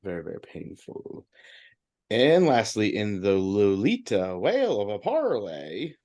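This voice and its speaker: A man with a fairly low voice co-hosts a sports betting podcast. He runs through his picks in quick, upbeat bursts in a casual chatty tone. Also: wildly swooping pitch, darkish tone. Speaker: podcast co-host reading betting results.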